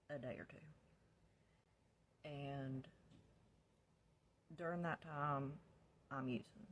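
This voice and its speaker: A woman's voice: sits low, fairly bright tone, slight background noise. A woman telling her own past in a candid, casual way, sometimes dropping to a whisper. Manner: candid, drops to a whisper when quoting herself, laughs in places. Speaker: storyteller recounting her past. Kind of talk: casual personal storytelling.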